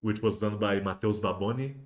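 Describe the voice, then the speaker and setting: The host of a miniatures livestream, this man rambles casually with many restarts and fillers. His voice is lowish and a little fast.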